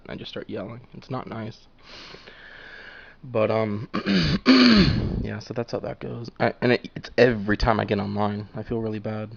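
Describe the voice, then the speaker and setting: A man's voice: mid-range voice, normal speed, gravelly. A young man in a casual, profane monologue while drawing, laughing often and full of fillers. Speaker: vlogger drawing on camera. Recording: dull lo-fi home recording.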